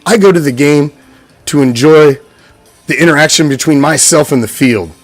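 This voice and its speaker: Profane, heated American fan ranting. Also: male voice, on the high side, normal speed, faint music behind. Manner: profane, heated, repeats himself. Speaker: podcast host, sports fan. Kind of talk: unscripted fan rant.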